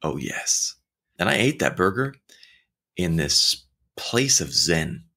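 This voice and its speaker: Lively, bright-voiced man giving a casual talk. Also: sits low, slow pace. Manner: animated storytelling, acting out quoted voices; conversational, addresses listener directly.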